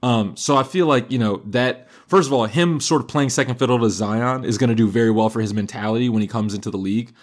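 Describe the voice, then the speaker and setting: A man co-hosting a sports podcast, talking casually with lots of fillers and restarts. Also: medium pitch. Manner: halting, full of fillers and restarts. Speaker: podcast co-host.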